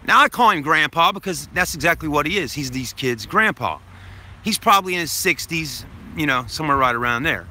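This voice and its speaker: A man's voice: a little high, expressive, fairly quick, pushed and bright. A man telling a story to his live stream viewers in a casual, rambling way, repeating himself, swearing now and then, and addressing them as folks.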